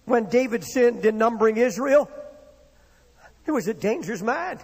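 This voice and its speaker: A man's voice: extremely high pitch, expressive, moderate pace, darkish tone, husky. A man preaching a sermon with impassioned, rising and falling delivery, in a church hall. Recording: long reverb of a hall.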